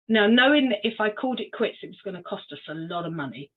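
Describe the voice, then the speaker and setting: An older woman from Cornwall shares her story as a podcast guest. She speaks at a middle pitch, unhurried and reflective, with many small ums, and the sound is thin and boxy, like a phone call. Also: lively intonation, husky. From Cornwall, England. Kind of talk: personal story in a podcast interview. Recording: tinny phone-like line.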